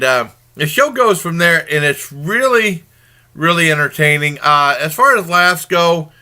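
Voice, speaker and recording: A man with a slightly high, pushed and bright voice reviews a new TV comedy. Informal and conversational, he retells the plot in a rambling, casual way.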